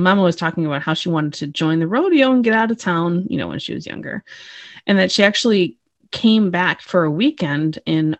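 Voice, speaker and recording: Woman, lowish voice, dry close sound, relaxed recap, wry. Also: no echo. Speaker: podcast co-host. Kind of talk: casual chat.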